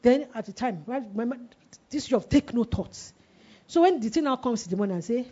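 A preacher in her forties has a fairly high, expressive voice, dark and slightly rough, moving a little fast. Through a dull lo-fi recording, she throws emphatic questions at the congregation and lets them call back answers.

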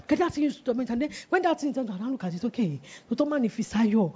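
Emphatic woman preacher, husky voice. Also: on the high side, animated, rapid-fire, warm tone. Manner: call-and-response questioning, emphatic. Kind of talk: sermon. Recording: dull lo-fi recording.

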